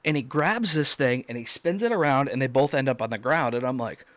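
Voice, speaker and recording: A man guest on a video call telling a story in a casual interview, acting out quoted shouts with sudden jumps up in pitch. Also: lively intonation, brisk, hardly any pauses, no room sound.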